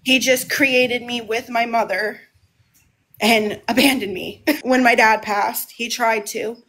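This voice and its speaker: Woman on a home livestream; somewhat high pitch, rambling, restarts phrases often. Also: steady tone, takes it slowly, a bit bright. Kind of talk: casual live monologue.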